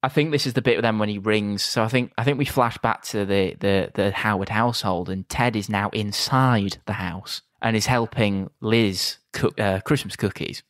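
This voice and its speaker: A man's voice: lowish voice, fairly even intonation, moderate pace, few pauses, a bit bright, no echo. A man co-hosting a casual film review podcast, rambling in a dry, mocking way. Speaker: podcast co-host.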